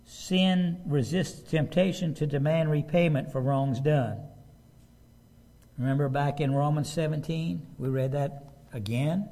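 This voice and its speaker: A man's voice: on the high side, unhurried, warm tone. A man preaching a sermon, reading scripture aloud and stopping to ask his listeners emphatic rhetorical questions. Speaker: pastor.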